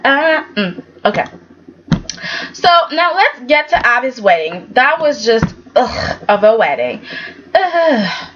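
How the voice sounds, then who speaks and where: A woman's voice: fairly high pitch, sing-song, measured pace, highs cut off, noisy background. A woman giving a chatty, sassy recap of a soap opera and acting out the characters' lines. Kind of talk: casual recap commentary.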